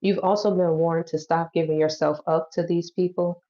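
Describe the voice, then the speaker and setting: A woman's voice: lowish voice, level tone, moderate pace, dark tone. A woman giving a loose, chatty tarot reading who swears and laughs easily. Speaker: tarot reader. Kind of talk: casual tarot reading to camera. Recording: dull lo-fi audio.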